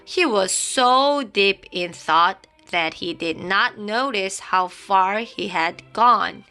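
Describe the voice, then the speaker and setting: A woman with a mid-range, clear and resonant voice reads a children's picture book aloud, slowly and with hardly any pauses, her delivery pushed and bright. She makes it dramatic and playful, adding sound effects. Faint music plays in the background.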